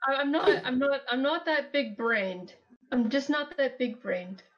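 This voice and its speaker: A woman's voice: high voice, animated, measured pace, highs cut off. A woman guest chatting casually on a podcast, rambling and swearing freely as she answers questions. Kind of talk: casual chat.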